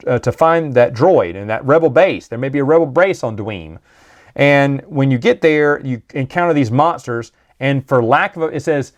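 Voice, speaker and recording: A man talks through a book re-read in a loose, chatty monologue. He rambles, circles back and restarts his sentences, his pitch sitting in an ordinary middle range. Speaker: book reviewer. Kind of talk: casual monologue.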